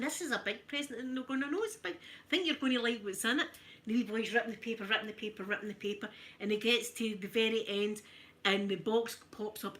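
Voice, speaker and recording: A Scottish woman chatting casually to her live viewers while ironing, in a soft, emotional, friendly way. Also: medium pitch. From Scotland. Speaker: ASMR streamer.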